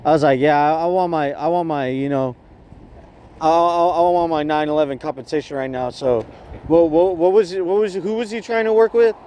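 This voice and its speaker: A man's voice: a little high, a little fast, mellow, a little hiss or hum. A man vlogging in a rambling, profane rant, stumbling over his words and repeating himself. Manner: repetitive, stumbling, swears heavily, ranting.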